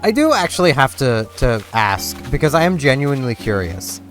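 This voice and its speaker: A young man from Canada chats casually over a game, wandering from thought to thought with plenty of fillers and restarts. His pitch swings up and down in a lively way, and game music plays clearly behind him. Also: moderate pace. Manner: rambling, chatty, with frequent fillers and restarts. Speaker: gaming video host. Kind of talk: casual gameplay commentary.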